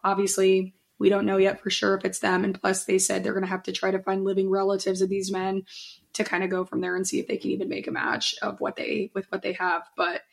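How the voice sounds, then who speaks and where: A woman co-hosting a podcast in a loose, chatty way, full of fillers and asides. She walks through a news story conversationally, at an even middle pitch. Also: brisk, vocal fry. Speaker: podcast co-host. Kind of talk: casual chat, storytelling a news case.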